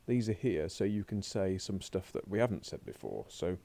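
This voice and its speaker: A man's voice: low voice, moderate pace, vocal fry, dark tone. A man teaching a recorded remote French lesson, chatting to himself as he works through slides on a laptop. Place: home or classroom desk at a laptop.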